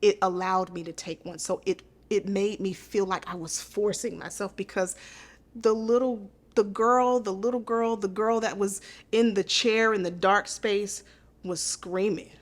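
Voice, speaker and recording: A woman speaks as a podcast guest, telling a personal story in an earnest, intimate way. Her pitch sits in a middle range. She often circles back and repeats her own phrases. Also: fairly even intonation, a little slow.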